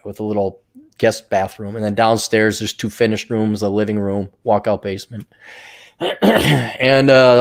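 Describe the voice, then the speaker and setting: A man hosting his own show, ranting in a sarcastic, profane, mocking way. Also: on the low side. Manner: mocking mimicry of others. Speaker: show host. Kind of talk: livestream rant.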